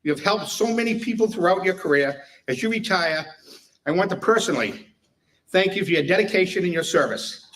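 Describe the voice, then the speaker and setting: A man's voice: high voice, lively intonation, fairly quick, a bit bright, far from the mic. A man giving a humorous retirement speech, telling stories and laughing at his own jokes. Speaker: speaker at a retirement tribute.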